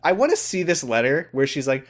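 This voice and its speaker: A man co-hosting a casual podcast, recapping a TV show with sarcasm and quick acted-out lines. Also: fairly high pitch, sing-song, crowd noise. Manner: sarcastic, acts out characters' lines in quick voices. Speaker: podcast co-host.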